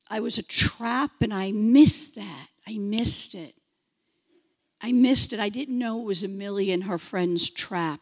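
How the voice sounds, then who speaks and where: A woman telling her personal testimony, animated and acting out the voices of the people in her story. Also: fairly high pitch. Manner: animated, acts out quoted voices. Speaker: testimony speaker. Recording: long hall reverb.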